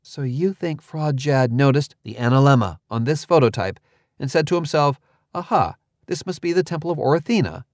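Casting: male reader doing a doubtful young woman, lifted pitch, dry close read. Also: expressive, moderate pace, no echo, lightly acted. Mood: skeptical. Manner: questioning, skeptical.

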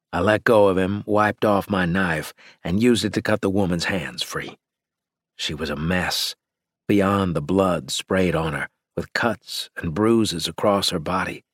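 Deep husky male audiobook narrator. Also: unhurried, no echo, studio quality. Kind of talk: first-person audiobook narration.

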